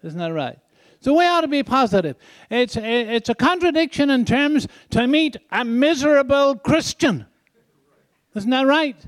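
High-voiced older preacher with a foreign accent. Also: male voice, expressive, measured pace, no echo. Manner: folksy, asks the crowd "isn't that right?". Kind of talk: sermon.

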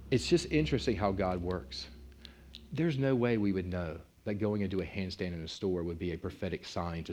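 A man preaching a sermon, telling a story with big swings in pitch and loudness.

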